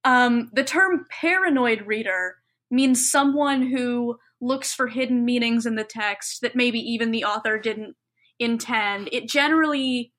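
A young woman co-hosting a podcast, quick-witted and analytical, laughing often in casual chat. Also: fairly high pitch, a bit bright. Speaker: podcast co-host.

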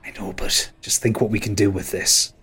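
A man's voice: lowish voice, flat delivery, normal speed, a bit bright, slightly rough. A man doing a gloating dream sorcerer. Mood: eager.

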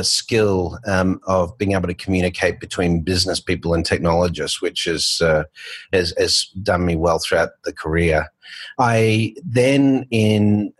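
A man's voice: sits low, no room sound. A middle-aged Australian man, a guest telling his career story in a rambling, conversational way with fillers and restarts. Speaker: guest, bank founder. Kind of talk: conversational interview.

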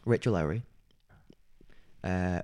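A man's voice: sits low, takes it slowly. A man co-hosting a podcast, telling a story in casual chat, acting out what people said and laughing often. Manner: animated storyteller, acts out quoted voices, laughs often. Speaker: podcast co-host.

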